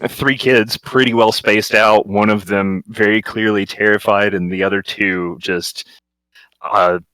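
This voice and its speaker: A man's voice: lowish voice, fairly bright tone, dry recording, low-quality recording. A young man narrating a tabletop game as game master, rambling along. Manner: rambling, many fillers and restarts.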